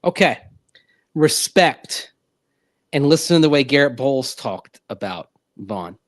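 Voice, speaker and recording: A male sports radio co-host speaks at an average pitch into a dry, close studio mic. His talk is animated and rambling, full of restarts as he chases a thought. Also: measured pace, dry recording.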